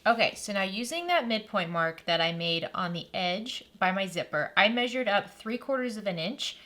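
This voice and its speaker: Bright-voiced woman teaching sewing. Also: mid-range voice, animated, normal speed. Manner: chatty, thinks aloud while working. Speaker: sewing instructor. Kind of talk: step-by-step sewing tutorial.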